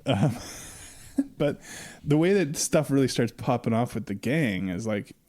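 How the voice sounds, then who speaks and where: A man co-hosting a casual movie podcast. His pitch sits in the ordinary middle for a man. He laughs often and slips into quick put-on voices for the characters as he tells the story. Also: lively intonation, darkish tone. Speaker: podcast co-host.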